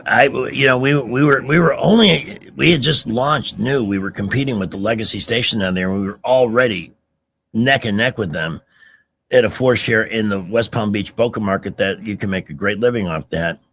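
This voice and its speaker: A middle-aged man hosting a radio talk show, telling stories in an animated, emphatic way with restarts. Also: on the low side, normal speed, creaky. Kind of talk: casual talk radio chat.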